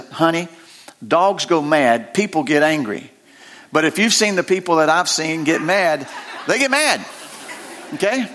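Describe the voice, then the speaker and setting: Bright-voiced older male pastor. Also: high-pitched. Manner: folksy, animated, self-deprecating humor. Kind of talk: sermon.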